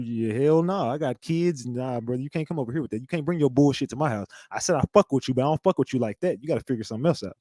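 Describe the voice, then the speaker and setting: A man's voice: medium pitch, a little mellow, no echo, clean studio sound. A man hosting a live commentary show, talking in a rambling, profane way and repeating himself. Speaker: host.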